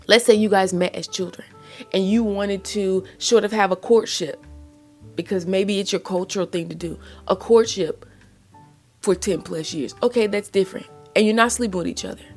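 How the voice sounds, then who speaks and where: A woman's voice: medium pitch, a little mellow. A woman giving faith-based relationship advice in a blunt, impassioned monologue, full of exasperated rhetorical questions.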